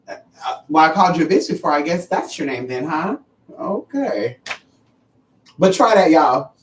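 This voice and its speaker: A livestream host chatting casually with viewers, sassy, animated and profane, calling listeners honey and girl. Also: mid-range voice, moderate pace, pauses often. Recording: roomy and distant from the mic.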